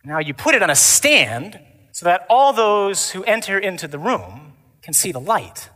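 Priest preaching, bright voice, long hall echo, jokey and theatrical. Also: male voice, high-pitched, moderate pace. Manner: animated, theatrical, mimics stuffy readings for laughs. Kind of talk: sermon at a men's conference. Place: large conference hall. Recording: live hall reverb.

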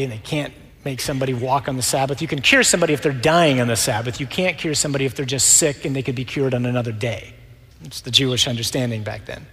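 A man preaching a sermon, lively and conversational, acting out the voices of the people in the scripture stories. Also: mid-range voice, long reverb tail.

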